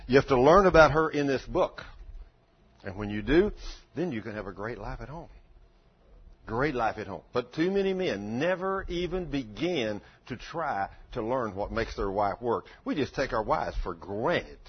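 An older man preaching a sermon in a folksy storytelling way that swells into loud fervor, in a dull lo-fi recording. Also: mid-range voice, very animated, normal speed, slightly rough.

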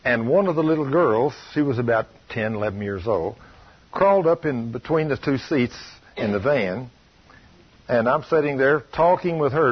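A man preaching a sermon, telling personal stories in a stern, emphatic way, often dropping to a low, soft tone. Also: husky, muffled recording. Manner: stern, emphatic storytelling, shifting loud and soft.

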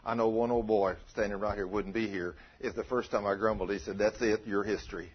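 A man preaching a sermon, calling out to his congregation and acting out prayers in an animated way. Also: lowish voice, a little fast, dull audio, slight background noise.

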